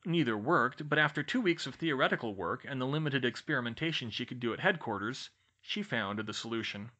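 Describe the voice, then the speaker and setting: Lively male audiobook narrator. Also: fairly quick. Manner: steady storytelling, lively pitch. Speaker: audiobook reader. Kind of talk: fan fiction audiobook narration.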